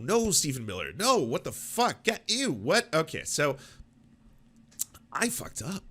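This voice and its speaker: A man hosts a political reaction show, talking in a bright, forceful voice. He swears freely and mocks himself as he riffs. His tone is loose and animated. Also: a little high, unhurried. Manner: animated, profane, self-mocking, switches into mock voices. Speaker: host of a political commentary show. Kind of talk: casual reaction commentary.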